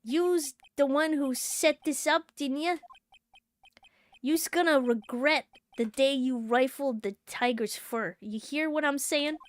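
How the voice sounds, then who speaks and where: A woman voicing a menacing, hotheaded male loan-shark thug who talks in rough, ungrammatical street slang. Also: high voice, slow pace. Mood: threatening. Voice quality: gruff tough-guy street talk.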